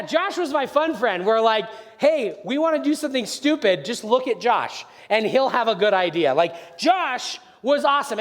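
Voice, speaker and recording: Guy pastor telling a goofy story, really high voice, lively, reverb from a big hall. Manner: animated, playful storytelling to a crowd. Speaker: preacher. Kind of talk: storytelling sermon.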